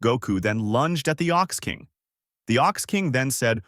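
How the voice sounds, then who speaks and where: A man narrates a fan story in a plain, steady way. His pitch is in the middle range but moves around a lot. The sound is dry and close. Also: a little slow, no echo.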